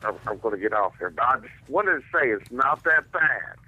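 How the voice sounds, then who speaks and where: A man's voice: medium pitch, lively intonation, a little fast, bright, forceful tone, breathy edge. A man calling in to a live show, speaking hesitantly and apologetically over a phone line. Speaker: caller. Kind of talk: call-in comment on live show.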